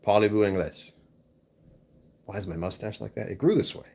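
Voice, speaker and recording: A man's voice: fairly low pitch, very animated, fast talker, gravelly, dark tone, husky. Jokey, self-mocking man chatting to viewers. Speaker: streamer reading chat. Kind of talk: casual live-stream chat.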